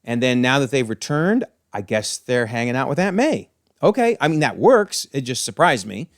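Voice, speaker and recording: A man hosting a comic breakdown with enthusiastic, excitable commentary. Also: medium pitch, normal speed, no room sound, studio quality. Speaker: channel host.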